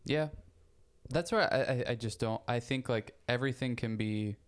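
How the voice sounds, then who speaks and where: A young man co-hosting a podcast in casual chat, rambling and repeating words, getting animated when he makes a point. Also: medium pitch, normal speed, smooth. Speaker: podcast co-host.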